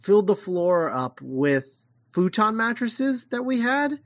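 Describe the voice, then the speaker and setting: A podcast co-host in casual chat, excitable and laughing, who talks in fits and starts. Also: mid-range voice, slow, dry recording.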